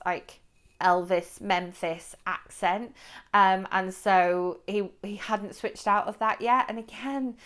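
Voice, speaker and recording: A woman giving a casual spoken movie review to camera, chatty and rambling, with fillers and restarts. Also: mid-range voice. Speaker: book and film reviewer.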